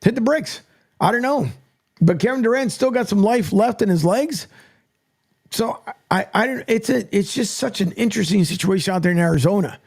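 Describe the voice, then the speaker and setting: A man's voice: high-pitched, expressive, fairly quick, creaky, a little mellow. A man hosting sports radio in a casual, rambling monologue from a studio mic, stumbling and restarting often. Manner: rambling, stammers and restarts, chatty.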